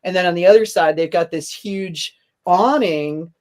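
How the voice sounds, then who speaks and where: A woman's voice: lowish voice, moderate pace, a little mellow. A woman hosting a casual podcast chat, rambling and laughing often as she tells stories. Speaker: podcast host.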